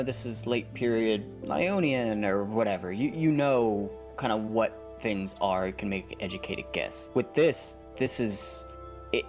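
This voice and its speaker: A man narrating a tabletop game as game master, rambling casually with many fillers. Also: fairly low pitch.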